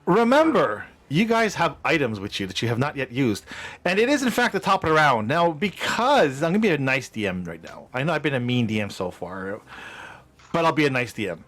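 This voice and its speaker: A man running a tabletop game as game master, telling the scene in a playful, animated way. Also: medium pitch, a little fast.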